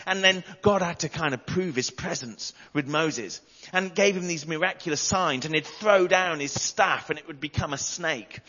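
A preacher with a fairly high, bright and forceful voice. He tells stories emphatically and repeats his lines for effect. His voice rings in a large hall and the sound is a little dull. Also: normal speed, husky. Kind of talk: sermon.

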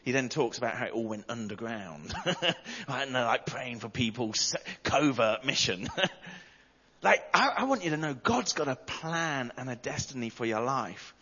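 Bright-voiced preacher in a hall. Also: male voice, mid-range voice, animated, normal speed, slightly rough, lo-fi sound. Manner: storytelling, emphatic, repeats for effect. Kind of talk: sermon.

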